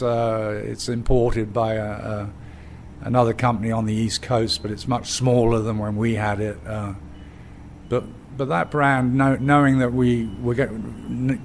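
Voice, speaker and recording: A man's voice: medium pitch, creaky, a little hiss or hum. An older man from England with an English accent, a cider company founder telling stories in a rambling, filler-laden way as an interview guest. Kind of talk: storytelling in conversation. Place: bar of a small pub.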